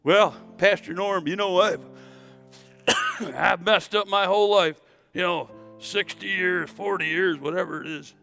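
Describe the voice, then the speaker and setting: A sheepish, regretful churchgoing man, as a preacher puts him on mid-sermon, hesitating as he admits his mistakes. The voice sits fairly high and bright. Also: measured pace, vocal fry, faint music behind, exaggerated voice. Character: remorseful churchgoing man who feels he ruined his life.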